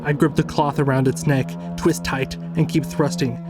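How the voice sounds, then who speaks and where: A man reading a first-person horror story as scripted narration, measured and tense. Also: mid-range voice, flat delivery, loud music behind the voice.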